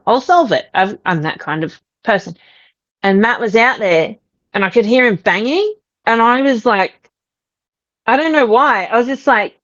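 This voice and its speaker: A woman's voice: mid-range voice, dry recording, muffled recording. A woman in her thirties with an Australian accent, a podcast guest telling stories animatedly and quoting herself. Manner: animated storyteller, quoting herself in lively voices. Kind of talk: conversational interview.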